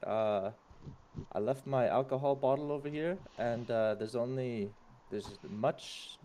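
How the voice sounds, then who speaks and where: A man's voice: mid-range voice, unhurried, dark tone, a little hiss or hum. A man speaking in character at a tabletop game, hesitant, formal and confiding. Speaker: player. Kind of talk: in-character roleplay talk.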